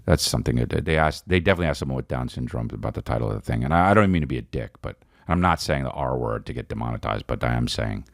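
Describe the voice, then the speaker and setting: A rambling, jokey man in his forties chats through a casual solo comedy podcast. His pitch swings widely as he riffs, and now and then he slides into off-key singing. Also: expressive, fast talker, vocal fry, hardly any pauses, no room sound, clean studio sound.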